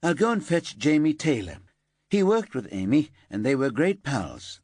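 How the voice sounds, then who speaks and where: A man voicing a brisk, fussing woman section leader in an office, in an audiobook. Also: medium pitch, big pitch swings, darkish tone, no room sound, voice pushed up.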